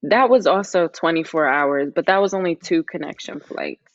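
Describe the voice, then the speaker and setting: A woman's voice: low-pitched, normal speed, no echo, highs cut off. A woman from New York, a podcast guest chatting casually with many fillers.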